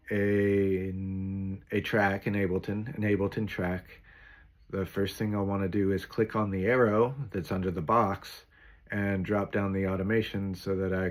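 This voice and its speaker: Slow, deliberate man with a lowish voice. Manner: slow, deliberate and clear, listing words one by one. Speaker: YouTuber and music producer. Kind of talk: unscripted talk for a voice-cloning sample.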